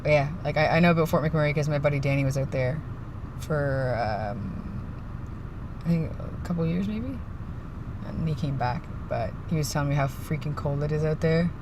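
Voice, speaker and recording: A vlogger from the East Coast talks to a phone camera from inside a parked winter car, chilled and short on sleep. The chat rambles loosely, at a mid pitch, and now and then drops into hushed, half-mumbled asides. A faint engine and car hum sits behind the voice. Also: normal speed. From East Coast of Canada. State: cold and tired, yawning. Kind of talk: casual vlog chat.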